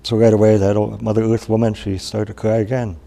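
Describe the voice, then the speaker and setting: A man from Wisconsin tells a traditional story in a low, gravelly voice. His tone is mellow and plain-spoken. He talks unhurriedly, with pauses and restarts. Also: level tone.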